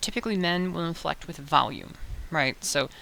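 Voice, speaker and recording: Young woman, casual voice coach, bright and gravelly, chatty with self-corrections, slight hiss. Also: low-pitched, normal speed. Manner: chatty, loose, many fillers and self-corrections. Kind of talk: casual tutorial talk to camera. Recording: faint hiss.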